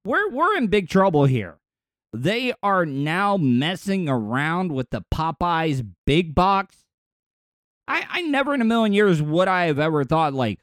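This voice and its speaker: A man's voice: high-pitched, very animated, measured pace, fairly bright tone, no echo, studio quality. A man, chatting casually as a podcast host, rambling, repeating words and laughing easily. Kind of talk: casual chat.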